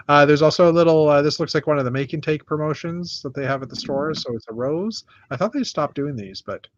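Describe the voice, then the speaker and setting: A middle-aged man from North America hosting a casual chat, rambling through a list with many pauses and restarts. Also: a little high, no room sound, dull audio. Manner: rambling, lots of uh and restarts, shows builds one by one. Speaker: podcast host.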